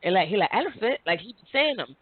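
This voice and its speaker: A lively woman host spins a story in easy, casual talk, laughing as she goes. Her voice comes through a thin, phone-like line with no room sound. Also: mid-range voice, quick pace, breathy edge, no echo. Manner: animated storyteller, laughs often. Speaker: podcast host. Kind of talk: casual chat. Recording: tinny phone-like line, dry.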